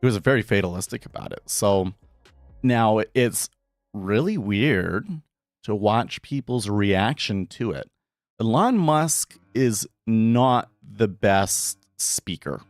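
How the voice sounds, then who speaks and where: A man's voice: lowish voice, lively intonation, slow pace, no room sound, clean studio sound, faint music behind. A man talking casually on a live trading stream, thinking aloud with frequent restarts and tangents.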